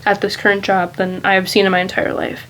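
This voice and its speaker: A woman's voice: mid-range voice, completely flat delivery, quick pace, fairly bright tone, slight background noise, poor audio. A woman vlogger talking casually and candidly in a rambling, reflective monologue.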